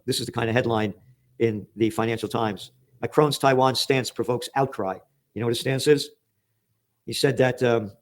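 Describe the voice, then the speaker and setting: An American man hosting a political commentary show, reading news headlines aloud and ranting about them with sarcastic, emphatic outbursts. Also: medium pitch. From United States.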